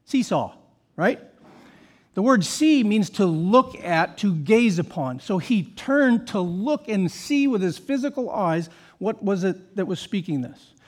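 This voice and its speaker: A man's voice: high voice, lively intonation, unhurried, darkish tone. A male pastor preaching a sermon with emphatic delivery, rhetorical questions and casual asides to the congregation.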